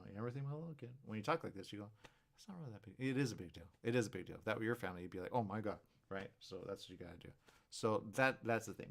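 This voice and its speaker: Vocal fry colors the fairly low voice of a man hosting a live talk show. His monologue meanders as he lively acts out invented dialogues from both ends, often checking in with a "right?"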